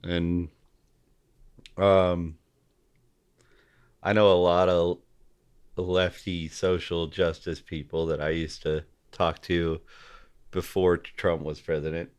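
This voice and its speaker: A man as a podcast guest in casual political chat, halting and often restarting his sentences. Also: sits low, little pitch movement, darkish tone, smooth. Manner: halting, repeats and restarts, gropes for names.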